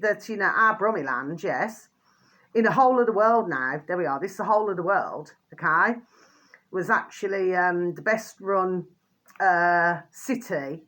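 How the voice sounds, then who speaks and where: A woman's voice: medium pitch, moderate pace, fairly bright tone. A middle-aged woman from Birmingham with a Birmingham accent and a hint of Yorkshire, rambling casually to camera as a vlogger and repeating her pet phrases. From Birmingham, England.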